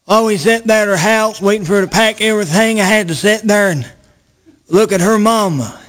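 High-voiced man spinning a yarn. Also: fairly quick, fairly bright tone. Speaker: comedian. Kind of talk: folksy stand-up storytelling.

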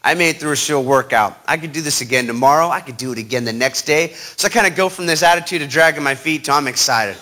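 A man telling a personal story to an audience in an animated, dramatic way, acting out the other people's lines. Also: a little high, fast talker, few pauses. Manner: animated, dramatic retelling with quoted voices. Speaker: speaker.

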